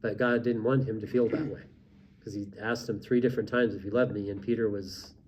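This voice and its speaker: A man's voice: fairly low pitch, steady tone, brisk, a little mellow, a little hiss or hum. A man co-hosting a casual faith discussion, talking in loose rambling sentences with frequent restarts. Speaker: co-host.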